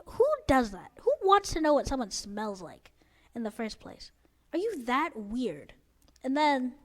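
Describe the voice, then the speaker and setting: Teen girl, high voice, rambly exasperated storytime, says like a lot. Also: a bit bright. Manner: rambling, exasperated, full of "like" fillers. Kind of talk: casual storytime vlog.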